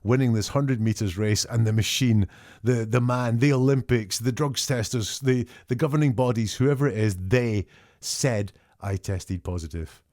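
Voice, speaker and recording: A man's voice: medium pitch, moderate pace, a little mellow, dry recording, clean studio sound. A man hosting a show, analysing public denials in a conversational, point-by-point way. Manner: conversational, picks apart quotes word by word. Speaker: statement analyst host. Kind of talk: analytical commentary.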